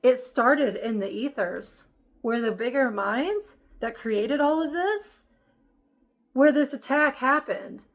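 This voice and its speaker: Woman, higher voice, emphatic preaching monologue, repetitive, fervent spiritual host. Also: takes it slowly.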